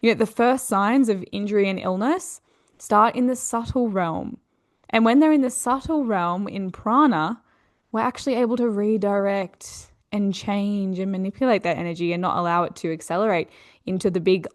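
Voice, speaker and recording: An Australian woman teaching yoga, talking straight to her students in an earnest, explanatory way. Her voice sits at a middling pitch for a woman, and she keeps tossing in little check-ins as she goes. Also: moderate pace. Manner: earnest, explaining, leans on "you know" and "okay".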